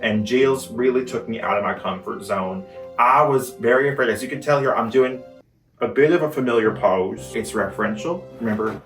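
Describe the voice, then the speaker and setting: A man's voice: mid-range voice, brisk, roomy sound, recorded from a distance, soft background music, close to an everyday voice. A man voicing a gushing, sentimental male Bigfoot who reflects on his fashion looks like a star in a comedy sketch. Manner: emotional, grateful, gushing like a star in a fashion interview.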